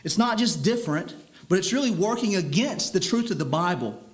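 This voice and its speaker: A man's voice: high-pitched, lively intonation, a little fast. A man preaching a sermon in an earnest, stern way, often repeating words as he builds his point.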